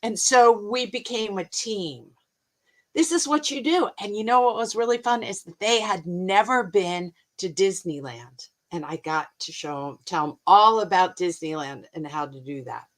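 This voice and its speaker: An American woman hosting a mindfulness show, telling travel stories in a lively, chatty way. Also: mid-range voice, moderate pace. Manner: animated, chatty, expressive. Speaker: host and mindfulness coach. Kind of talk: casual storytelling to camera.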